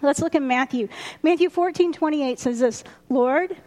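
A woman preaching a lively, chatty sermon, laughing often. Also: high voice, moderate pace. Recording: roomy hall reverb.

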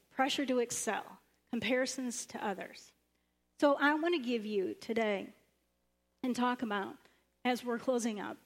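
A woman pastor preaching a sermon in a church, animated, acting out the lines of the stories she retells. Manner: animated, acts out the prophet's lines with sudden high bursts.

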